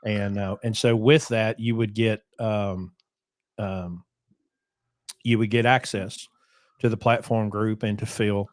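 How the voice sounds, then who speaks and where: A man's voice: lowish voice, level tone, slow pace, long pauses, no room sound, clean studio sound. A man hosting a casual trucking podcast, talking loosely with plenty of ums and asides. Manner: loose, rambling, with many ums. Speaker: podcast host.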